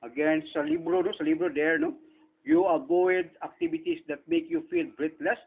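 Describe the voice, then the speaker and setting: A man's voice: on the high side, sing-song, normal speed, creaky, breathy edge. A man with a Filipino accent talking casually through a screen walkthrough, rambling and tagging his sentences with little questions. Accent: Filipino (Cebuano). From Philippines. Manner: rambling, frequent tag questions. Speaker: channel owner and inventor. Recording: tinny phone-like audio, faint hiss.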